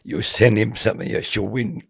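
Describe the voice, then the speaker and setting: A man's voice: lowish voice, fairly even intonation, normal speed, creaky, a bit bright, slightly rough. A middle-aged man telling a personal story in casual conversation, acting out the dialogue as he goes. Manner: vivid storyteller who acts out quoted dialogue. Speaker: podcast guest, sports commentator.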